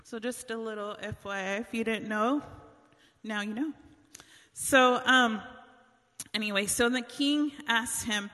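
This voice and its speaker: A woman's voice: on the high side, fairly even intonation, measured pace, pushed and bright, big-room sound. A woman giving a casual sermon, retelling Bible stories in chatty everyday language. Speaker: speaker giving a Bible teaching.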